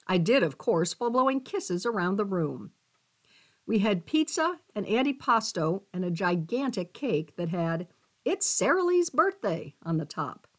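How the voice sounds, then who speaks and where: A woman reading a local newspaper column and obituaries aloud for a radio reading service, with expressive delivery. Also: medium pitch, normal speed. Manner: expressive reading, voicing quotes. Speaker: volunteer newspaper reader.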